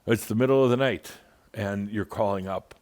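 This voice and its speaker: Deep-voiced man, theatrical and teasing. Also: normal speed, darkish tone. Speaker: channeled spiritual teacher. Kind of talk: monthly spiritual gathering talk.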